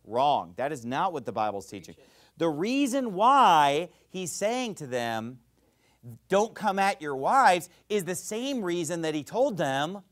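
Fiery, high-pitched preacher man. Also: big pitch swings, unhurried. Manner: fiery, emphatic preaching with sharp swings in loudness. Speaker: pastor. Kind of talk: sermon.

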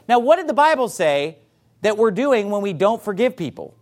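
A man preaching a sermon in a high voice that swings widely up and down. He drives his points hard and fires rhetorical questions at the congregation. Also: big pitch swings, moderate pace. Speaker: pastor.

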